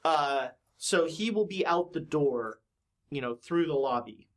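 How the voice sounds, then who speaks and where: A woman's voice: low-pitched, animated, measured pace. A woman running a tabletop game as game master, narrating the scene with a playful manner and bursts of sound words. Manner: playful, laughs through descriptions, adds sound words.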